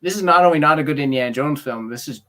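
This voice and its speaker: A man's voice: fairly high pitch, quick pace, a bit bright. Exasperated man ranting about a film. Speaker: podcast co-host. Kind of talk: casual film discussion.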